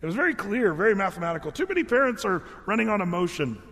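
A man's voice: sits high, sing-song, quick pace, fairly bright tone, husky. A man preaching a sermon in an earnest, conversational way, often restarting his phrases. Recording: long hall reverb.

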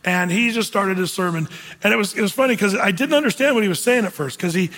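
High-voiced husky male pastor. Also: fast. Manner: animated, grows excited and laughing while retelling. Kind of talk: sermon with storytelling and closing prayer. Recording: reverberant hall sound.

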